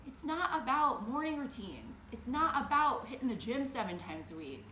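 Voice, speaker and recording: A woman in her thirties hosting a motivational talk show, talking emphatically and shifting between quick excited bursts and slow, hushed emphasis. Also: on the high side, slight background noise. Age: 30s. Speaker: podcast host. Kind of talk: motivational monologue. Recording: roomy echo.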